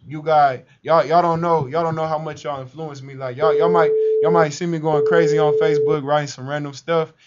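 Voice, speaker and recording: A man's voice: a little high, level tone, a little fast, hardly any pauses, very noisy. A man, a rapper guest on a talk show, joking around in laid-back slangy banter. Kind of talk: casual banter. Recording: dull lo-fi live stream audio.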